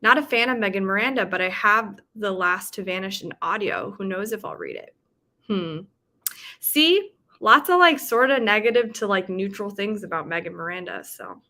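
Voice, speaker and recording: A woman talks casually to her livestream viewers, reading out their comments and chatting back. Her voice is bright and clear, with a middling pitch. She fills the gaps with ums and short laughs. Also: big pitch swings, normal speed. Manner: chatty, with frequent fillers and laughs. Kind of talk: casual chat.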